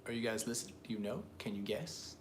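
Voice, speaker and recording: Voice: mid-range voice, fast. A co-host drops short remarks and fun facts into a casual pronunciation lesson, sometimes asking the listeners questions. The voice sits in a middle range. The room is echoey, with a faint wash of background noise. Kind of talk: casual teaching chat.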